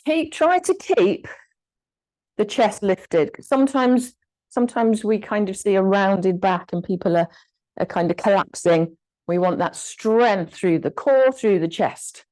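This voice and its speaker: Slow, encouraging woman leading an exercise class. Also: medium pitch, a little mellow, low-quality recording. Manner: slow, encouraging cues with short counted commands. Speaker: fitness instructor.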